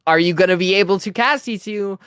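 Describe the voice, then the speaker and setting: A relaxed speaker in casual conversation, recorded dry and close with no room sound. They hedge often, keeping their points loose and easygoing. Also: mid-range voice, fairly quick, clear, resonant tone, no room sound. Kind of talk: casual chat.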